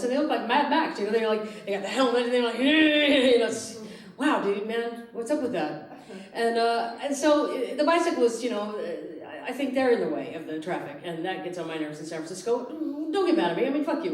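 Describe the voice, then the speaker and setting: Brash woman ranting onstage. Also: fairly high pitch. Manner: brash, profane, animated, ranting. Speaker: stand-up comedian. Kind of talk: stand-up comedy set. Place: theatre stage before a live audience. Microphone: handheld stage mic. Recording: roomy live theatre with audience laughter. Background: audience laughter.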